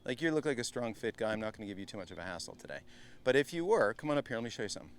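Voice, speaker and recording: A middle-aged man coaching a group at a live golf clinic, chatty and energetic, often turning to the group as guys. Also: mid-range voice, racing, slight background noise. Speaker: golf instructor.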